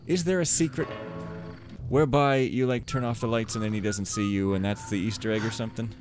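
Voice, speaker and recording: Guy with a lowish voice doing wry let's play commentary, game music loud behind him. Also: fairly even intonation, a little fast. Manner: wry, joking, talks to himself. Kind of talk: rambling gameplay commentary.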